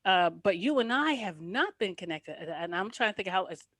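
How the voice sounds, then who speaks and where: A woman's voice: mid-range voice, a little fast, dry recording. A middle-aged woman from New Jersey hosting a casual chat, telling stories and laughing often. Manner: laughs often, animated storytelling. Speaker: podcast host.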